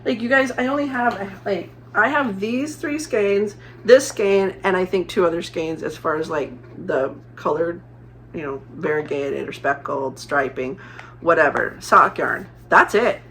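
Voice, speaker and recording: A woman's voice: on the low side, a little slow, a bit bright, a little hiss or hum. A middle-aged woman from Arizona chatting casually as a crafting vlogger, rambling with many fillers and restarts. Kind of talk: casual chat.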